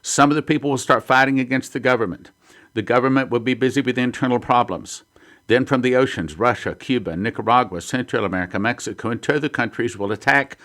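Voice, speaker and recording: A man's voice: mid-range voice, fast, a bit bright. A man hosting a prophecy ministry, teaching in a sermon style and reading headlines and quotes aloud earnestly.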